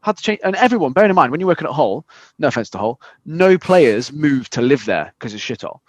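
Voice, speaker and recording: Fast-talking, frank man. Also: fairly high pitch, sing-song, no room sound. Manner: frank, sweary, quick storytelling. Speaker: podcast co-host, fitness coach. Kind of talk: casual podcast chat. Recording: dry, slightly dull podcast audio.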